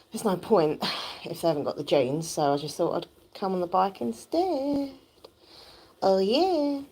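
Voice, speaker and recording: Chatty woman streaming from her exercise bike, low and husky, croaky with sleep, rambling and laughing. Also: darkish tone. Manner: chatty, rambling, laughs often while pedaling. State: croaky, just woken up. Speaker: livestreamer. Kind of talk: casual livestream chat. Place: home, indoors, on an exercise bike. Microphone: phone held close.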